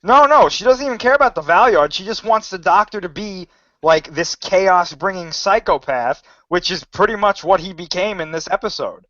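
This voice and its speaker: A man co-hosting a fan podcast, with a high voice for a man, who explains his points quickly and emphatically. The sound is dry and close, with dull lo-fi audio. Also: expressive, pushed and bright, no echo. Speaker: podcast co-host.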